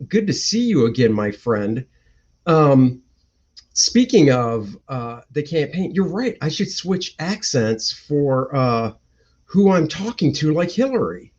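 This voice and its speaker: Guy on a morning stream chatting, kinda high voice, muffled lo-fi sound. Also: darkish tone, husky. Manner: chatty, greets and reads viewer comments aloud. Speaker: live stream host. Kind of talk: casual live-stream chat.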